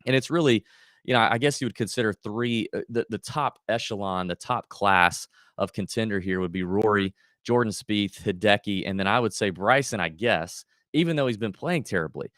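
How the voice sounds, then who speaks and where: A man's voice: on the low side, moderate pace, fairly bright tone, no echo, studio quality. A man hosting a golf betting livestream, chatting casually and thinking aloud with lots of fillers and restarts. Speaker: golf betting podcast host.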